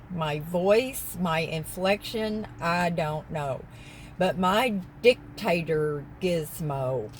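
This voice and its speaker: A woman's voice: lowish voice, a little hiss or hum, low-quality recording. A woman vlogger rambling casually from her parked car and getting sidetracked mid-story. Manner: chatty, wandering, easily sidetracked. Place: parked car in a parking lot.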